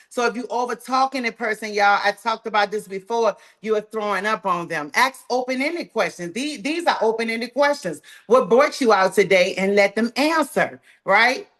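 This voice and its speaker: A woman with a Southern US drawl, running a live sales training call in a folksy, energetic, encouraging way. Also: a little high. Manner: folksy, talks straight to the group, says "y'all" often.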